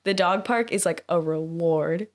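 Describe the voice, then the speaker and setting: A young woman with a fairly low voice co-hosts a laid-back podcast conversation. She rambles through her stories and leans on "like" again and again. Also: a little slow. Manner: chatty, many "like" fillers. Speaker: co-host. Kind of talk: casual podcast chat.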